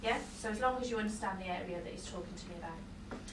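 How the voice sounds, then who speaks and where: Speaking fast in a mid-range voice, a woman psychic medium chats her way through a reading for a live audience. She laughs a lot and interrupts herself with apologetic asides. The sound is roomy, hall-like and faintly noisy, picked up by a distant microphone.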